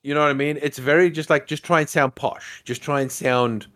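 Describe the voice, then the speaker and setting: A man's voice: fairly high pitch, brisk. Chatty man with lots of fillers. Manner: animated, many fillers and restarts. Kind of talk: casual chat.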